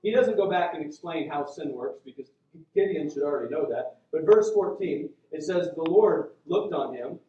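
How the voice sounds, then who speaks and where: A male pastor preaching in a casual, conversational way with lots of asides. His voice sits high. He is heard from a distance in a very echoey church, and the sound is dull. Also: lively intonation, moderate pace. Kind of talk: sermon. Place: church sanctuary.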